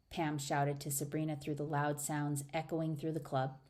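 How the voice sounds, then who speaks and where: Woman, audiobook narration, warm dark tone, expressive dialogue. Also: normal speed. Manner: expressive, raises pitch for dialogue. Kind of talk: audiobook narration with character voices.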